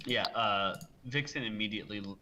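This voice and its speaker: Low voice guy narrating a tabletop game, lots of likes and ums, some faint noise behind. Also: a little fast. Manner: rambling narration full of fillers. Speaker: game master.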